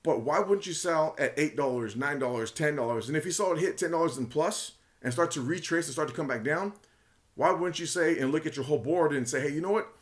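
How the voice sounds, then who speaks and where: A man's voice: fairly high pitch, a little fast. A man talking casually and emphatically in a monologue, sharing his opinions as a retail investor commentator, often repeating himself and speculating.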